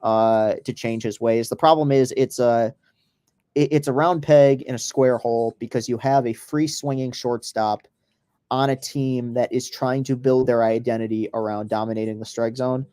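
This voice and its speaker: Dude rambling about baseball and movies, swears a lot, casual podcast commentary. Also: male voice, mid-range voice, fairly even intonation, mellow, clean tone. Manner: rambling, profane, quick asides. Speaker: podcast host. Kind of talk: casual commentary over a live baseball game.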